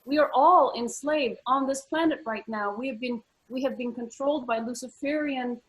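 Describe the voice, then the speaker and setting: A woman's voice: sits high, moderate pace, poor audio. A woman co-hosting a casual talk show, speaking earnestly with frequent fillers and repeated words. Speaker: co-host. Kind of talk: casual conversational chat.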